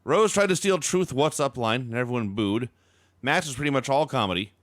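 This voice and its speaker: A man hosting a wrestling podcast, briskly recapping events with dry jokes. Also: mid-range voice, animated, fairly bright tone, no echo. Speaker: podcast host recapping matches. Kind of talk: read-out recap with chat.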